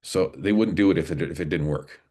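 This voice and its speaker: A man in his forties, a podcast guest and former police officer, telling his story in an earnest, halting way with many restarts. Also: low voice, a little mellow. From Canada, Alberta. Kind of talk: casual storytelling interview.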